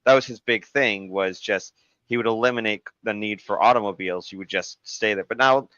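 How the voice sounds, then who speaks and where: A man from Arizona telling rambling stories in casual podcast chat, lively when quoting others. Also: lowish voice, fairly quick, dry recording, muffled recording. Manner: rambling storyteller, animated when quoting people. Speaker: podcast co-host.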